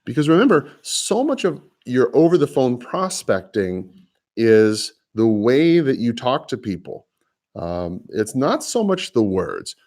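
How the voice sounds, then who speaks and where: A man with a lower voice, a real estate agent hosting a live prospecting podcast, talking in a casual, folksy, rambling way with restarts. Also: big pitch swings, measured pace, a little mellow. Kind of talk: live phone prospecting session with coaching asides.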